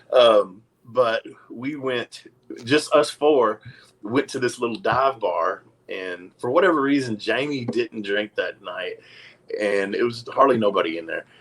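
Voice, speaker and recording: A man's voice: medium pitch, fairly bright tone, low-quality recording. A middle-aged man, a retired wrestler and podcast guest, telling stories in a casual, profane, laid-back way. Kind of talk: casual storytelling.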